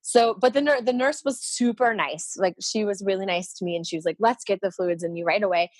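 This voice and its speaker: Woman, casual storytelling, laughs often, dry close sound, mid pitch, acts out quotes. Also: a little fast, no echo. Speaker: podcast guest.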